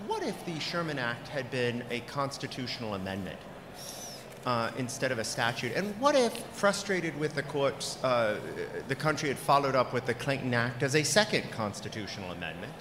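A man in the audience of a conference hall poses a long, winding question, halting often with fillers. The hall gives his voice a long reverb. Steady background noise sits beneath him. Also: mid-range voice. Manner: hesitant, many fillers, rising emphasis. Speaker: law professor asking an audience question. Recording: echoey hall with audible noise.

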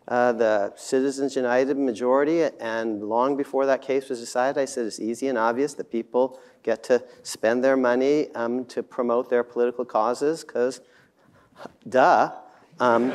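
A man giving a debate speech, halting with many fillers, confident and dismissive at points, with self-deprecating humor. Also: medium pitch. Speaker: debate speaker.

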